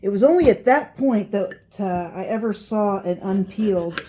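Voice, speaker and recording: A woman's voice: mid-range voice, moderate pace, background noise. A middle-aged woman chatting in a folksy way as she cooks in her home kitchen, with reminiscing asides. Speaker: home cooking vlogger. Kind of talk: casual cooking vlog.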